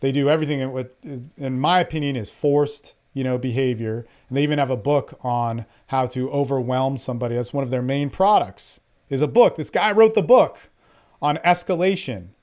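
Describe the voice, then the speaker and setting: A man's voice: mid-range voice, moderate pace, a little mellow. A man who works as a dating coach, talking in an angry, profane, rambling monologue. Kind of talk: impassioned monologue.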